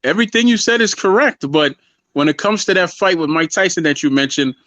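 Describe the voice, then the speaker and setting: A man in casual boxing banter, arguing his pick and circling back over the same point. His voice sits a little high. The sound is dry and close. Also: fairly quick, fairly bright tone, no echo, highs cut off. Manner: rambling, repeats himself, argumentative. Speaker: boxing show co-host. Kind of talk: casual sports debate.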